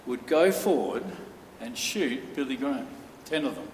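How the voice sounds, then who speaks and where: A man preaching a sermon, telling a story earnestly with dramatic pauses. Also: medium pitch, expressive, darkish tone, a little hiss or hum. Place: church hall. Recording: echoey hall from far off.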